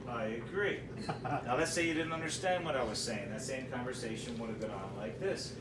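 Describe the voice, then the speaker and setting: A man's voice: medium pitch, a little fast. A man with a Newfoundland accent, hosting a comic screech-in ceremony and drilling a group through local phrases in a playful, teasing way. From Newfoundland, Canada. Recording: echoey room, distant mic, loud background noise.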